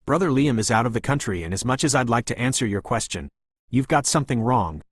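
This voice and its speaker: A man's voice: medium pitch, lively intonation, fast talker, slightly rough, no echo, studio quality. A man reading a gracious elegant hostess. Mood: warm. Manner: warm, polite, welcoming.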